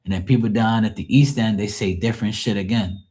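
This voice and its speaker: A man's voice: on the low side, fairly even intonation, brisk, mellow. A man in his forties from Bermuda with a Bermudian accent, telling stories in blunt, profane casual chat on a live stream. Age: 40s.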